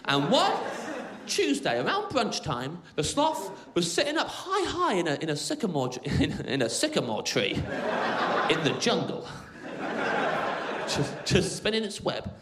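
A man's voice: high voice, huge pitch swings, a little slow, noisy background. A man doing stand-up comedy, telling an absurd rambling story in a sardonic manner. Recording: roomy club sound with loud crowd.

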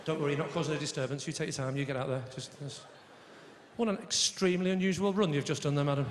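A man doing stand-up comedy, chatting with the crowd in a cheeky, animated way. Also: fairly high pitch, quick pace. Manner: cheeky, animated, shouts punchlines and mimics voices. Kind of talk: stand-up routine with crowd work. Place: large comedy venue on stage. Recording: echoey live venue, audience noise.

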